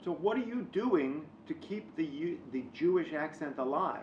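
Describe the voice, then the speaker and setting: A man's voice: a little high, lively intonation, normal speed, slightly rough, dull audio. A man interviewing an older guest, asking wry, prodding questions. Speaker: newspaper columnist, interviewer.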